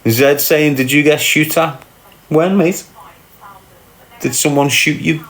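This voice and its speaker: A man's voice: fairly high pitch, fairly even intonation, slow pace, fairly bright tone, reverberant. A man hosting a casual livestream, answering chat comments with brash, sweary, mocking banter.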